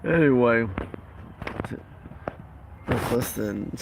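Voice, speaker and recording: Gravelly-voiced man chatting on a live stream. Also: medium pitch, normal speed, pauses often, a little hiss or hum, poor audio. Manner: rambling, chatty, reading out viewer comments. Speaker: vlogger wrapping up a live stream. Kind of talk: casual live-stream chat.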